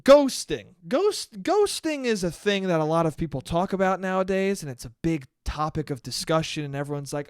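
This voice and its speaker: Speaking at normal speed with barely any pauses, a young man hosts a solo podcast in a slightly high, clear, resonant voice that swings widely in pitch. The sound is studio quality without room sound; he rambles, swears, cuts himself off, and laughs often.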